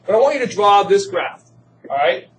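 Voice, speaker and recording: A high school chemistry teacher with a high-pitched, slightly bright voice lectures at normal speed, very animated throughout. He quizzes students and adds joking asides.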